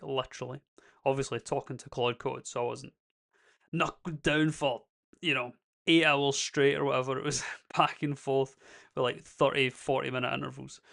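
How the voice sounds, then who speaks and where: A man's voice: mid-range voice, vocal fry, fairly bright tone. A young man with a Scottish accent, talking candidly and a bit ramblingly in a casual vlog. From Scotland. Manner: candid, rambling and self-deprecating. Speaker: YouTube creator.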